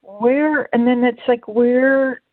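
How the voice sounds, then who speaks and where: A woman hosts with slow, thoughtful questions. The sound is dry and close, squeezed into a thin phone-like band. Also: a little high, no room sound. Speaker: host. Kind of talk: casual conversational interview.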